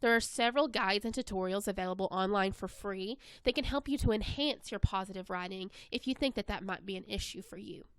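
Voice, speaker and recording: Smooth-voiced woman presenting a webinar. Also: medium pitch, fairly quick, hardly any pauses, dry recording. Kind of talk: scripted instructional narration.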